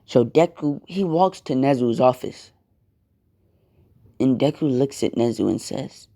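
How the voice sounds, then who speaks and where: A man's voice: medium pitch, expressive, measured pace, gravelly, long pauses, mellow. Laid-back young man telling a slangy story. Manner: loose slang and profanity, rambling asides. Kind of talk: casual fan-fiction storytelling.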